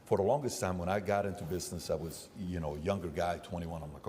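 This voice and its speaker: A man in his thirties hosts a loose, rambling chat in a lowish voice, slipping into the voices of people he quotes. A long roomy reverb and faint background noise sit behind him. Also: quick pace, warm tone. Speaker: podcast host. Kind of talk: casual talk show chat.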